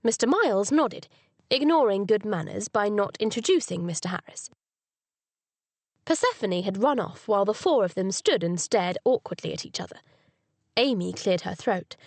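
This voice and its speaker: A woman reading a cozy mystery audiobook as narrator, with expressive storytelling on a close studio mic. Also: medium pitch, normal speed, no echo. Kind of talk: scripted narration.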